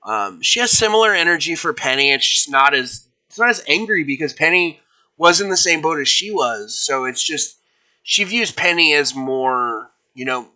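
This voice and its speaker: A man's voice: a little high, lively intonation, moderate pace, bright, forceful tone, rough recording. A young man casually narrating his own tabletop fan fiction on a live stream, rambling with fillers and restarts. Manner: rambling, with fillers and self-corrections; voices figures without putting on accents.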